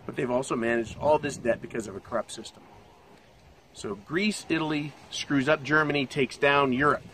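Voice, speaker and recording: A man's voice: mid-range voice, steady tone, moderate pace, a bit bright, a little hiss or hum. Profane older American man rambling on economics. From United States. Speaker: channel host. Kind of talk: casual economic commentary.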